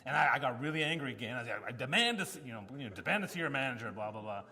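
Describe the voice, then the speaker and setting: A man giving a conference talk, telling stories in an animated way and acting out quotes from the people in them. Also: medium pitch, racing. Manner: animated storytelling with acted-out quotes. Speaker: keynote speaker. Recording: long hall reverb.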